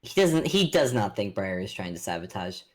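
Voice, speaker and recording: A woman's voice: very deep voice, very animated, moderate pace. A woman playing a tabletop game, chatting and thinking aloud with amusement. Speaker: player. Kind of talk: casual tabletop play.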